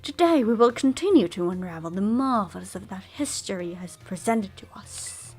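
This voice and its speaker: A woman's voice: mid-range voice, expressive, normal speed, a little mellow, faint music behind, natural voice. A woman voicing a prim, pompous history teacher in a stilted made-up accent. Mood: lecturing.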